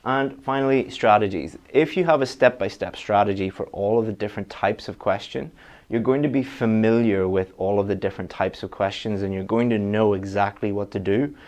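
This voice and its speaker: A man's voice: fairly low pitch, brisk, a little mellow. A man giving a direct, practical online exam-prep lesson, with frequent restarts. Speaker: IELTS teacher.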